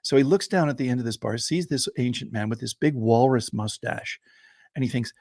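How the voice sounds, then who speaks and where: Brief: male storyteller with a gravelly, bright voice, dry close sound, animated joke-telling. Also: mid-range voice, a little fast, no echo. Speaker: storyteller, co-host. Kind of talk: casual podcast storytelling.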